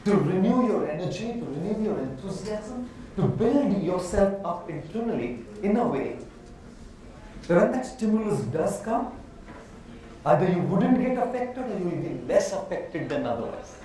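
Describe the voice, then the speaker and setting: Man, Indian accent, motivational speaker, animated, quizzes the crowd, wide-ranging pitch, distant mic. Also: normal speed, slight background noise. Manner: animated, asks the audience questions, uses props. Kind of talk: live motivational talk to an audience. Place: large hall with a live audience. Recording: echoey hall from far off.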